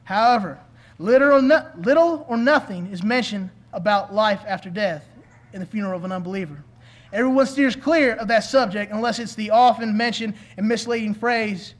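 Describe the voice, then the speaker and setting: A man's voice: very high voice, a little fast. A man preaching a sermon in an earnest, pleading way, asking his listeners questions.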